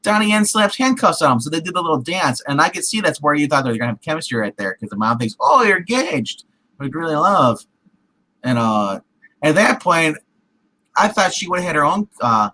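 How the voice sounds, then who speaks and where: A man with a bright, forceful voice chats casually on a film review show. He rambles, stacks up restarts and "he's like" asides, and slips into other characters' voices along the way. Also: a little high, fast talker, low-quality recording. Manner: rambling, acts out scenes in lively put-on voices. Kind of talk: casual chat.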